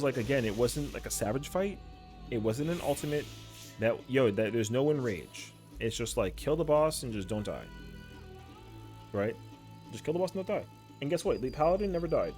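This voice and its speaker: Young male streamer, casual and slangy, mid-pitched voice, light music bed. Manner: slangy, animated storytelling. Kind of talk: casual chat.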